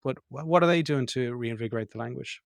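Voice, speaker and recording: A man hosts an interview and thinks aloud as he asks his questions, his voice at an ordinary middle pitch for a man. The recording is dry and close, with no room sound around him. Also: quick pace, creaky, no room sound. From Ireland. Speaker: podcast host. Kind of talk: conversational interview. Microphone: remote call mic.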